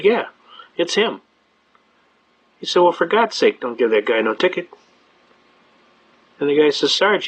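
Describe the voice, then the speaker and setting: A middle-aged man telling a story at a fast clip, acting out the voices of police and a judge in a lively storytelling speech. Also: on the high side. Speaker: speaker telling a courtroom story. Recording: dull lo-fi recording.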